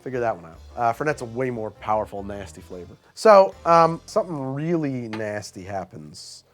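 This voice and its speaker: A man hosting a cocktail show, reviewing bad drinks with theatrical disgust and deadpan asides. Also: medium pitch.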